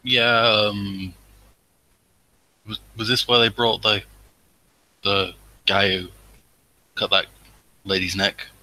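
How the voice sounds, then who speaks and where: A man's voice: fairly low pitch, flat delivery, takes it slowly, pauses often, pushed and bright, low-quality recording. A man playing a tabletop role-playing game, talking hesitantly with many fillers. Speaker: player. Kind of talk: casual tabletop play.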